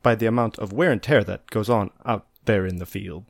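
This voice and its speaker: An actor playing a suave secret agent in a film scene, with a light, offhand delivery. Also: male voice, on the low side, fairly quick, creaky, no echo, clean studio sound. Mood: breezy.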